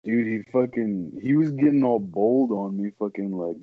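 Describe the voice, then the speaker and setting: A man's voice: fairly low pitch, normal speed, phone-quality sound. A young man, a podcast co-host, talking in loose, profane, amused casual chat.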